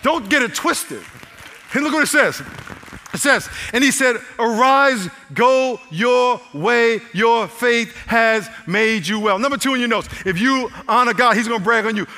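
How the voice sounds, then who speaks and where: High, bright-voiced pastor preaching loudly. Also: male voice. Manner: swings from shouting to soft gentle asides. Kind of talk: preaching a sermon. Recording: live sermon with long hall reverb.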